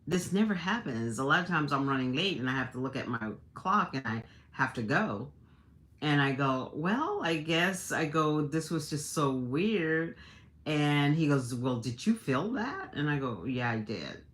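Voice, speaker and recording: Woman, middle-aged, livestream host, very deep voice, slow, chatty, laughing, many restarts. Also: a bit bright. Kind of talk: casual storytelling to a live audience.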